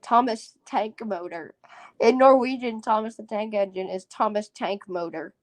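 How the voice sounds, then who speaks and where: A woman's voice: mid-range voice, normal speed, no room sound. A woman hosting a casual solo podcast, rambling and giggling as she sounds out foreign words. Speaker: podcast host.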